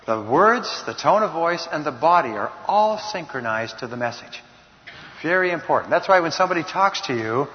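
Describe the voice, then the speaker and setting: A man giving a motivational lecture on communication, emphatic and slowing down for key points. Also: mid-range voice. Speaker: speaker on communication. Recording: dull sound, long hall reverb.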